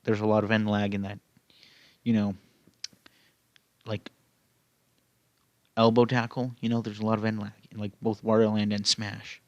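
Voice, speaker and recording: A man's voice: lowish voice, monotone, normal speed, long pauses, no room sound, dull audio. A man casually reading fan fiction aloud, rambling into asides full of "you know". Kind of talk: casual read-aloud with commentary.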